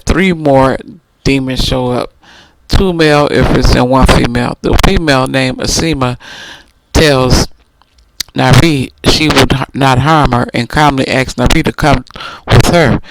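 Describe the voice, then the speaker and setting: Gravelly-voiced man retelling a story. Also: medium pitch, low-quality recording. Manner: recounts a story in detail, often restarting phrases. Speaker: book reviewer. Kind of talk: casual plot retelling.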